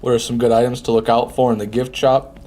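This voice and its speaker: A relaxed, mellow-voiced man talks through a live game session, casually answering chat as he plays. His tone is dark and easygoing at a middling pitch. Faint music plays underneath. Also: fast talker. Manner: chatty, reads and answers chat. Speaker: streamer. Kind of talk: casual live gameplay commentary.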